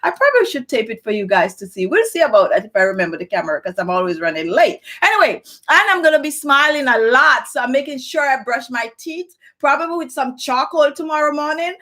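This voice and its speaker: A middle-aged woman with a slightly high voice hosts a live beauty stream. She sounds very tired but stays chatty, rambling warmly and personally through her talk with plenty of fillers. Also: sing-song, fast talker, few pauses. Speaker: beauty vlogger hosting a live show. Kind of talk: chatty live stream, greeting viewers by name.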